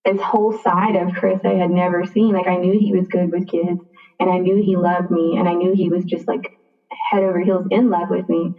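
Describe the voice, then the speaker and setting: A woman's voice: fairly low pitch, echoey room. A young woman telling a personal story in a chatty way, often saying "like" and acting out both sides of a conversation. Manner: chatty, frequent "like", acts out dialogue. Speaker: guest. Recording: tinny phone-line sound, distant.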